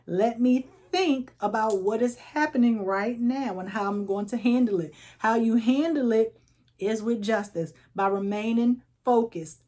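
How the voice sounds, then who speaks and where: A woman's voice: fairly high pitch, dark tone. A woman giving a casual tarot reading, telling it like a story, acting out little voices and checking in with "okay?" all the time. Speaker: tarot reader.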